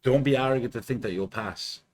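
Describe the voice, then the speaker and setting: A man's voice: medium pitch, a little fast. A man co-hosting a casual stream chat, earnest and preachy, giving solemn warnings. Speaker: podcast co-host.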